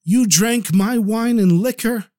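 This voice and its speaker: A man's voice: sits high, slow, dark tone, no room sound, clean studio sound, pitched above the performer's own voice. A man voicing an angry wealthy host scolding a drunk servant in a told story, with rising exclamations.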